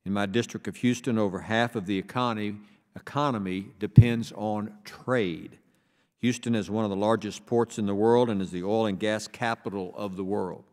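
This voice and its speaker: A man from Texas chairing a congressional subcommittee hearing, reading a formal opening statement in a measured, deliberate way and slowing down for emphasis. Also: fairly low pitch, steady tone, darkish tone. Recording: reverberant hearing room.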